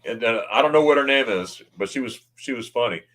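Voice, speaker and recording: A man's voice: mid-range voice, lively intonation, a little fast, a bit bright. Chatty man hosting a casual livestream. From United States. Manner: chatty, rambling, reads viewer comments aloud. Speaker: livestream host. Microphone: new desk microphone.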